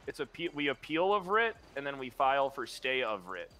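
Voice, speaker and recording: Rambling bright-voiced man in roleplay chat. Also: mid-range voice, very animated, moderate pace. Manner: rambling, restarts mid-sentence. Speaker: roleplay character under investigation. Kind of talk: in-character voice chat.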